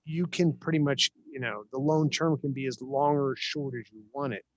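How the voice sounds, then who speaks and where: A man's voice: medium pitch, moderate pace, no room sound, lo-fi sound. A man from South Jersey, a guest in an interview, talking casually with many restarts and easy chuckles. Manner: relaxed, many restarts and fillers, chuckles often. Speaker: interview guest, investor and attorney.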